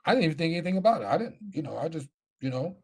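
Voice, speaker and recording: A man's voice: on the high side, big pitch swings, rapid-fire, slightly rough. A middle-aged man, a former football player, telling his life story as a guest speaker, emphatic and repeating himself. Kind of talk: personal storytelling.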